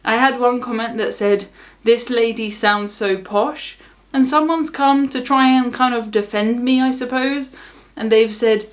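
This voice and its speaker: A woman's voice: on the high side, steady tone, normal speed. Wry young woman with southern English accent. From south of England. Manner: wry, unbothered, laughs things off. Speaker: cruise vlogger. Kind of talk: casual talk to camera.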